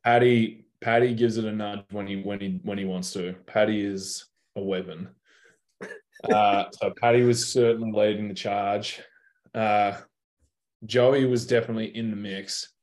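A man's voice: on the low side, steady tone, measured pace, a little mellow. A young Australian man telling stories in a casual interview, laid-back and slangy with plenty of swearing. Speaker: guest basketball player.

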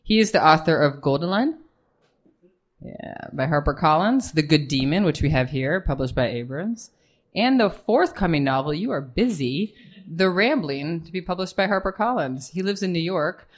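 A woman's voice: deep voice, lively intonation, moderate pace. A woman hosting a live reading in a pub carriage house, introducing an author in a casual, enthusiastic way with some swearing. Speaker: reading series host.

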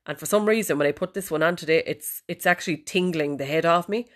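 Low-voiced chatty Irish woman. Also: fast. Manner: chatty, cheeky and sweary. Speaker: podcast host. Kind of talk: casual chat. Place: bedroom, sitting on the bed.

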